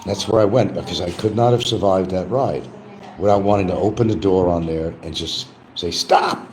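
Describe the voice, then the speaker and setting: With a low, slightly mellow voice and a somewhat quick pace, an older livestream host rambles through a casual monologue full of restarts and trailing asides. He returns again and again to a catchphrase delivered with a mock sing-song lift. Audio quality is poor, with slight background noise.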